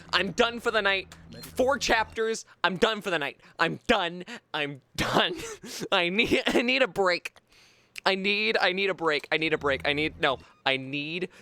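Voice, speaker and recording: A streamer giving live gameplay commentary, excitable, swearing often and talking to chat. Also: medium pitch.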